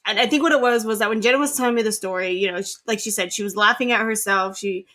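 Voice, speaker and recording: A woman's voice: mid-range voice, quick pace, sharp tone. A woman co-hosting a podcast, chatty and giggling between remarks. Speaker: podcast co-host. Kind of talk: casual chat.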